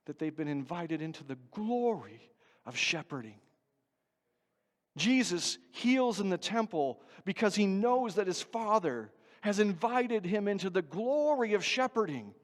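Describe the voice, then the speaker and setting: Pastor, male, high voice, animated sermon delivery with loud and soft swings, church hall reverb. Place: church sanctuary.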